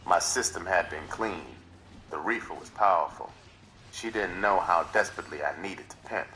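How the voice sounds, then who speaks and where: A man's voice: low voice, normal speed, sharp tone, soft background music. A man reading a novel aloud on a live stream in dramatic first-person narration. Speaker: reader.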